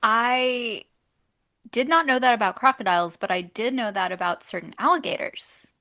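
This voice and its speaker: A woman's voice: fairly high pitch, normal speed, pushed and bright, no room sound. A woman co-hosting a podcast in casual chat, chiming in with questions and asides. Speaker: podcast co-host.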